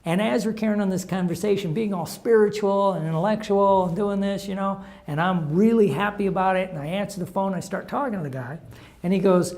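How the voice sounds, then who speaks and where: A man's voice: sits high, a little fast, a little mellow. A middle-aged man giving an informal talk on recovery steps, sharing stories in a conversational, anecdotal way. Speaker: recovery program speaker.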